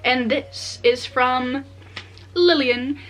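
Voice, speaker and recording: A young adult woman vlogging casually as she unboxes books, excitable and chatty with many filler words. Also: sits high, drawn-out words. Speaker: book vlogger.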